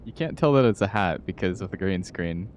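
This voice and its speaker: A man's voice: low-pitched, lively intonation, brisk, slight background noise. A man streaming live, chatting casually and playfully with his viewers and laughing often.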